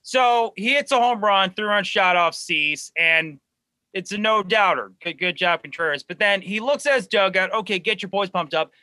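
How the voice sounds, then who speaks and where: A man, a guest on a sports chat show, talking fast and excitedly as a diehard fan, often restarting his words. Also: high voice, no room sound. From Chicago suburbs.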